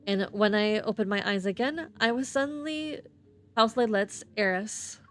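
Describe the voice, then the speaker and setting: A woman streamer reading game narration aloud, stumbling over words and restarting often. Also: mid-range voice. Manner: halting reading with frequent slips and restarts.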